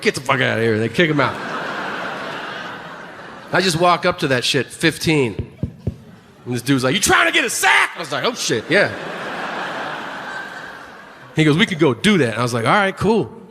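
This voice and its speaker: A man's voice: on the high side, lively intonation, normal speed, long pauses, long reverb tail, noisy background. A man doing stand-up comedy with a wry, profane delivery, acting out the people in his stories. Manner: wry, profane, acts out quotes. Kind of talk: stand-up storytelling.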